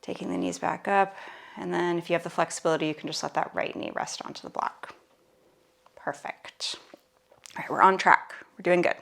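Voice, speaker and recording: Gravelly-voiced woman leading a Pilates class. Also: lowish voice, fairly even intonation, moderate pace, fairly bright tone. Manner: cueing moves while exercising, casual and playful. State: out of breath at times. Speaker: Pilates instructor. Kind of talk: guided workout instruction.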